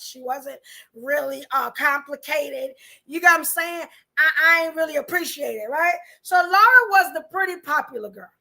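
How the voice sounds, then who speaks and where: A woman's voice: high voice, creaky, pushed and bright. A woman hosting a livestream, chatting casually with viewers, full of rhetorical questions and fillers. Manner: chatty, addresses chat viewers directly. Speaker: podcast host.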